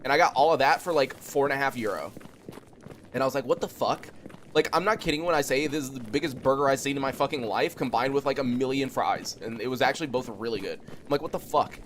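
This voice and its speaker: A man's voice: quick pace, slight background noise. A young man streaming a game, chatting loosely with viewers and swearing a lot. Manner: yells in high-pitched disbelief when killed in game. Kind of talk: casual gaming stream chat.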